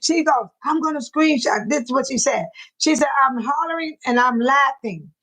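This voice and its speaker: A woman with a high voice chats to her livestream viewers. She repeats herself and breaks into laughter again and again as she talks. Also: moderate pace, pushed and bright, poor audio. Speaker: livestream host. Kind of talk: casual chat to viewers.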